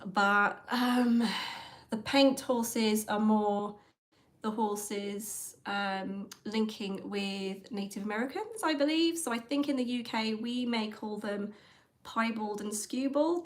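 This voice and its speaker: A woman's voice: mid-range voice, slow pace. Woman, middle-aged, livestream host; chatty, rambling delivery, mid-range voice. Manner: chatty, rambling, with frequent ums and laughs. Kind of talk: casual chat about an author.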